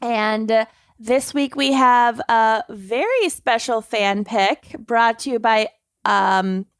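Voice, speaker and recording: Woman co-host, unhurried and chatty, laughs a lot, dry studio mic. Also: on the high side, clean tone, dry recording. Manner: rambling, laughs often between phrases. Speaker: podcast co-host. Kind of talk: casual chat among friends.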